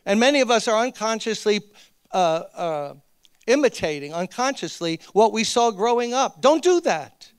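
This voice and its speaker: Male pastor, conversational sermon, high voice, dry close sound. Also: big pitch swings, normal speed, smooth, no room sound. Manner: earnest and conversational, with emphatic repeated appeals. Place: church, speaking to a gathering of ministers.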